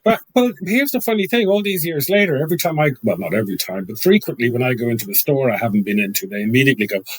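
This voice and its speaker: A man in his fifties with an Irish accent, a podcast guest telling lively stories with frequent restarts. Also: mid-range voice, quick pace, hardly any pauses, low-quality recording. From Ireland. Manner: animated anecdotal talk with frequent restarts. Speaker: guest, sales trainer. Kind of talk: podcast interview, storytelling.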